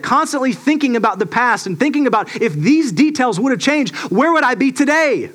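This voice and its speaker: A man preaching a sermon to a congregation, emphatic and lively, asking the audience rhetorical questions. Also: very high voice, brisk, hardly any pauses. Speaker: pastor.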